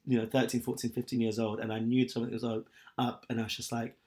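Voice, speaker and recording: A man's voice: mid-range voice, little pitch movement, quick pace, warm tone. A young man chatting candidly and at length, rambling with lots of fillers. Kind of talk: casual chat.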